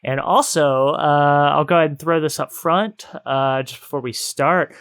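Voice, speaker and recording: Upbeat higher-voiced male podcast host. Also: fairly even intonation, moderate pace, clear, resonant tone, dry recording, studio quality. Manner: playful, self-mocking, loud hype bursts. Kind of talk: casual podcast chat.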